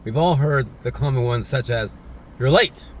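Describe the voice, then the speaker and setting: A man gives a casual spoken English lesson at a moderate pace, his mid-range voice a little mellow, with slight background noise. His delivery is repetitive, punctuated with tag questions like "right?" and "isn't it?".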